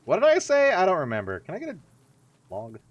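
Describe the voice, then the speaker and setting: A man's voice: sits high, wildly swooping pitch, quick pace, no room sound, lo-fi sound. A man streaming a video game, giving casual, rambling, jokey and self-mocking commentary as he plays. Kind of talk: casual let's-play commentary.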